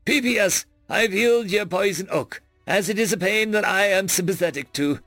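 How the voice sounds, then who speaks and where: A man's voice: high-pitched, moderate pace, a bit bright, dry recording, faint music behind, pitched above the performer's own voice. A man voicing a grumpy male wizard reading his own note aloud, dry and sardonic.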